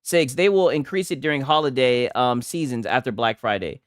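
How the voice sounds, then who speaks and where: A man hosting a stream, reacting to clips with loud, laughing, profane mockery. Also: mid-range voice, normal speed, clean tone, no room sound, studio quality. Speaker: livestream host reacting to clips. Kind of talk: casual reaction commentary.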